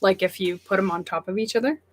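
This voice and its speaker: A woman's voice: mid-range voice, fast talker, a crowd in the background. Australian woman co-hosting a livestream, teasing, laughs easily, holds her ground when she corrects people. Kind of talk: casual livestream chat.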